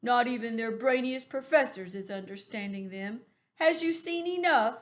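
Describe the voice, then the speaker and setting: A woman's voice: on the high side, moderate pace, lightly acted. A woman voicing a big, friendly old male giant who talks cheerfully in mangled grammar. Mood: earnest.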